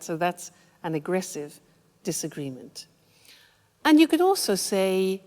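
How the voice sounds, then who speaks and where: A woman teaching English phrases in a clear, measured, explanatory way. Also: fairly low pitch, sing-song, a little mellow, big-room sound. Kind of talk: scripted language lesson.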